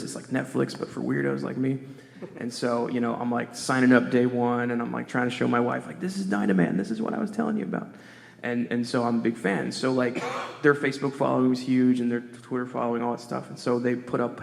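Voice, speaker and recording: Gravelly-voiced man telling a story. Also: medium pitch. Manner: animated, casual storyteller with many "like"s. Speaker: panel speaker. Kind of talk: storytelling panel talk. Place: large convention hall. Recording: echoey convention hall.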